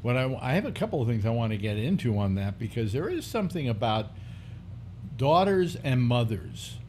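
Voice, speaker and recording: A man's voice: medium pitch, big pitch swings, moderate pace, darkish tone. A man hosting a casual call-in stream from home, his voice rising and falling freely. He talks in loose rambles full of fillers and restarts. A faint hiss of room noise sits under the computer mic. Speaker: host. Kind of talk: casual live-stream talk show chat. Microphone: computer mic through speakers.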